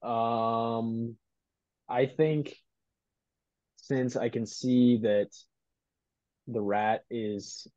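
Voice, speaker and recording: Mellow low-voiced player on a dull mic. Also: male voice, steady tone, drawn-out words, long pauses, no echo. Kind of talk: casual tabletop play.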